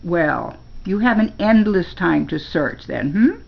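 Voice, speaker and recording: A woman's voice: fairly low pitch, very animated, slow, vocal fry, husky, lo-fi sound, heavily acted. An older woman doing a honeyed, scheming ruler. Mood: smooth. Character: smooth, manipulative male ruler, falsely kind.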